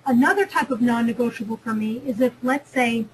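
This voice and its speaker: A woman's voice: a little high, a little fast, slight background noise, rough recording. A woman from New Jersey giving a chatty, emphatic webinar lecture on negotiation, often repeating and restarting phrases. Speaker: career webinar presenter.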